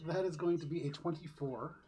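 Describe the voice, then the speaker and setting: Throat-clearing game master narrating combat. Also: male voice, fairly high pitch. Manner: casual, frequent throat-clearing and filler sounds.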